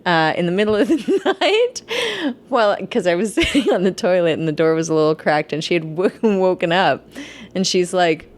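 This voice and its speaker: A woman's voice: on the low side, animated, normal speed. A woman co-hosting a podcast in casual chat, giggling often as she talks. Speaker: podcast co-host.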